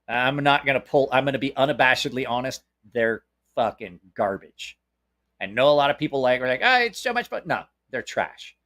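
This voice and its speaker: Host type: a man with a Southern drawl, casual and blunt, given to cursing and restarting his sentences, mid-pitched. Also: fairly even intonation, moderate pace, fairly bright tone. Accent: American Southern. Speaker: knife channel host. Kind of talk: casual live-stream chat.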